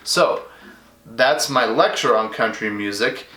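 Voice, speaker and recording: Bright-voiced casual male music teacher. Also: medium pitch, takes it slowly, echoey room. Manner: casual, chatty, with fillers and asides. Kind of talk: recorded lecture to students.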